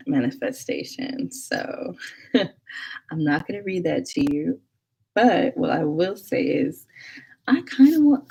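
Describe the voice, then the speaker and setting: A woman's voice: deep voice, gravelly, warm tone, breathy edge. A young woman hosting a casual livestream, chatting with viewers and reading their comments, with laughs and whispered asides. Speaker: livestream host.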